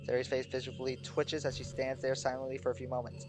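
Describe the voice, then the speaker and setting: A man's voice: mid-range voice, completely flat delivery, fast talker, hardly any pauses, a little mellow, soft background music. A young man reading a visual novel aloud and reacting casually as he plays. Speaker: game streamer.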